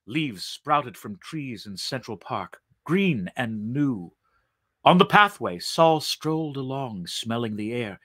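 A man reading a story aloud in an expressive, deliberate way. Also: mid-range voice, dry recording, studio quality.

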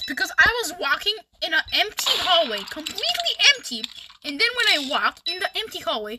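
A young-sounding woman with a high voice, playing a game with friends and reacting out loud. She shrieks, laughs and complains dramatically. The mic picks up a lot of background noise. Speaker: channel host. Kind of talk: casual gaming chat with friends.

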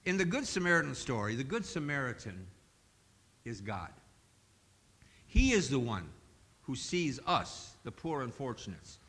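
A man's voice: mid-range voice, sing-song, measured pace, pauses often, a bit bright. A male pastor preaching a sermon in a folksy, joking storytelling manner in a church.

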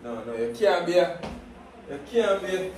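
A man's voice: high voice, sing-song, normal speed, a little mellow. A young man vlogging casually at an airport, laid-back and full of street slang. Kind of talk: casual travel vlog. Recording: echoey space with faint noise.

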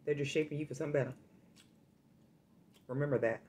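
A woman hosting a casual food vlog, talking straight to her viewers and telling a story in a lively, chatty way. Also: deep voice, fast, a little hiss or hum. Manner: chatty, addresses viewers directly, animated storytelling. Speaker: food vlogger.

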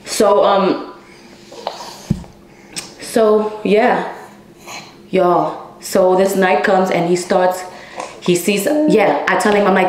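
A woman's voice: mid-range voice, steady tone, extremely slow, long pauses, a little mellow. A woman telling a story in a casual monologue to her viewers, speaking bluntly, swearing heavily and calling them y'all. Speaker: storyteller vlogger. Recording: echoey room.

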